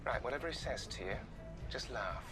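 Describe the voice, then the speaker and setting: A man's voice: medium pitch, animated, fairly quick, music in the background, lightly acted. Lucifer, a man playing a smug charming devil. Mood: teasing. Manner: theatrical, self-satisfied, teasing. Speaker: TV series character.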